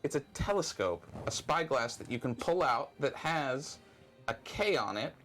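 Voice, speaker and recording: A man's voice: medium pitch, animated, moderate pace, fairly bright tone, soft background music. Man voicing a mannered scholar. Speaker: player. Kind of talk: tabletop role-play, in and out of character.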